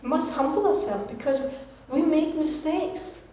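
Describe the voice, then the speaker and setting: A woman preaching a sermon, teaching slowly and deliberately and repeating her key phrases. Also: sits high, warm tone, far from the mic, slight background noise. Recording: very echoey room, from off-mic.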